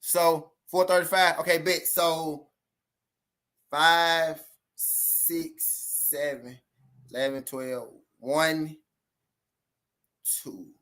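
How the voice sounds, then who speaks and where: A man's voice: fairly high pitch, steady tone, drawn-out words, long pauses, fairly bright tone. A man with a Southern US accent hosting a casual boxing livestream, chatting loosely with viewers and repeating himself.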